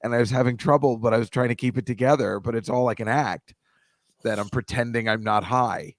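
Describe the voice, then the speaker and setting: A man's voice: medium pitch, a little fast, no room sound. A man co-hosting a podcast in casual chat, rambling and musing aloud and laughing easily. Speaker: podcast co-host.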